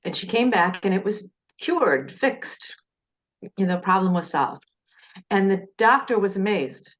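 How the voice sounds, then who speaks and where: A woman's voice: medium pitch, lively intonation, a little slow. Rambling middle-aged woman teacher, lo-fi. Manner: rambling storyteller, frequent restarts, acts out quoted voices. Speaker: class instructor. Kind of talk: anecdotal teaching talk. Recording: dull lo-fi recording.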